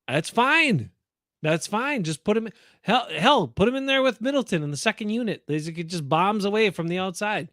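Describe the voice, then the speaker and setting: A man's voice: high voice, animated, moderate pace, a bit bright, dry recording, studio quality. Blunt opinionated man, casual sports chat. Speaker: podcast co-host.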